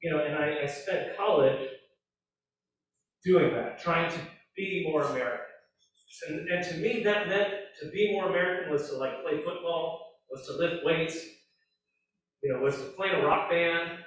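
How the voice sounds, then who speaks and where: A man in his forties, a judge, giving a halting, earnest personal testimony with many restarts. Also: on the high side, fairly bright tone. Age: 40s. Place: temple event hall. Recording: very echoey hall, from far off.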